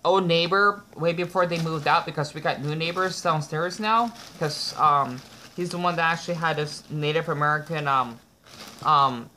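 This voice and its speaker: A man's voice: on the high side, normal speed, bright, forceful tone, slight background noise. A young man talking casually to camera in a vlog, rambling and hesitant, full of ums and tag questions. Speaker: vlogger.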